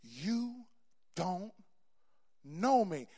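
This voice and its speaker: A man preaching acts out the voice of God, dropping to a low, quiet, drawn-out delivery. Each word lands slowly and solemnly, like a judgment. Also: big pitch swings, husky, exaggerated voice. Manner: slow, hushed and drawn out.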